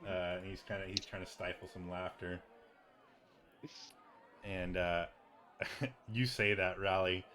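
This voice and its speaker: A man running a tabletop game, narrating the scene loosely. He talks casually in a low voice, stalling with fillers as he thinks. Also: fairly even intonation, crowd noise. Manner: casual, halting, many fillers. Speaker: game master.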